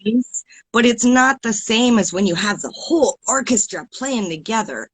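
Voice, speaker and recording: A woman's voice: fairly high pitch, expressive, normal speed, husky. A woman with a Canadian accent, a guest podcast host, explaining things eagerly in casual chat.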